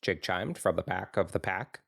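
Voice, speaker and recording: A man's voice: sits low, normal speed, vocal fry, fairly bright tone, no echo. A podcast co-host man reading fanfiction aloud with a dry, wry narration.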